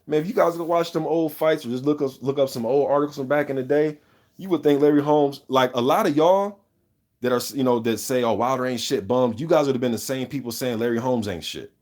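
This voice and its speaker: A man's voice: mid-range voice, a little fast, a little mellow. A man hosting a casual boxing talk show, reading viewer comments and giving loose, opinionated takes full of swearing and "you know what I'm saying". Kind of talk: casual unscripted chat.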